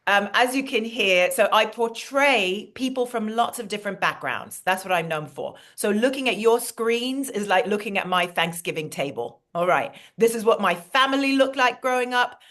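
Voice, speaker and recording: Playful New York comedian. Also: female voice, mid-range voice, animated, a bit bright. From Queens, New York. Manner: playful, quick banter with asides. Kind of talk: comedic monologue. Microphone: video call.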